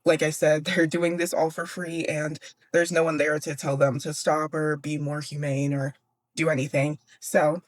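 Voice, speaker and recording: Woman, book vlogger, low voice, dry close sound, casual sarcastic slang. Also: level tone, normal speed, dry recording. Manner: slangy, sarcastic, laughs often.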